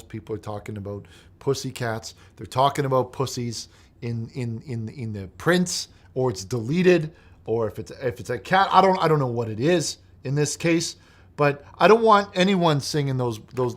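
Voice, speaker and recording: A man hosting a comedic call-in show in the style of a preacher. He swings between mumbled reading of messages and loud, exasperated ranting. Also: mid-range voice, normal speed.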